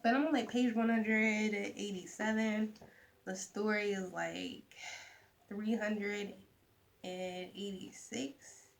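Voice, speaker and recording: A young woman chatting casually to camera about books, animated, with soft asides. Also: mid-range voice, slow, vocal fry. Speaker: vlogger. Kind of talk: casual book chat to camera.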